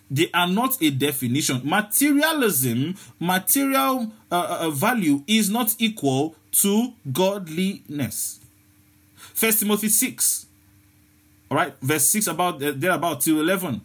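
A man's voice: sits high, expressive, takes it slowly, fairly bright tone, breathy edge. A man preaching a sermon, often repeating words and restarting his sentences.

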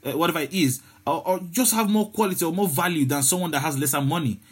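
A man's voice: on the high side, fast talker, few pauses, breathy edge. A man preaching a sermon, often repeating words and restarting his sentences.

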